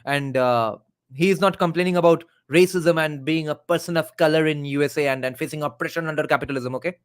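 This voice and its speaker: A man's voice: fairly high pitch, fast. A man who hosts a live reaction video, talking in a conversational way and reading viewer comments aloud.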